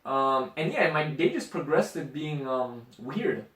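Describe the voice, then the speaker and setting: A man co-hosting a podcast, telling stories in a loose, profane, animated way. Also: fairly high pitch, unhurried. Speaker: podcast co-host. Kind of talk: casual chat. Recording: echoey room, mic at a distance.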